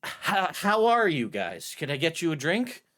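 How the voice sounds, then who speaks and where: A man voicing a harried town official in a tabletop game, rambling quickly and cutting himself off. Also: fairly high pitch, wildly swooping pitch, a bit bright, voice pushed up, full character voice. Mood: flustered. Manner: rambling, rapid, self-interrupting. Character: harried male town official, fast-talking and overwhelmed. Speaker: dungeon master voicing a townsman. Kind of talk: tabletop role-play.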